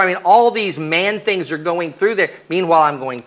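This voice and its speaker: Animated man telling stories at a seminar. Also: on the high side, brisk, few pauses. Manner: animated, acts out husband and wife dialogue. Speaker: marriage seminar speaker. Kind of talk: humorous storytelling talk. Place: church hall.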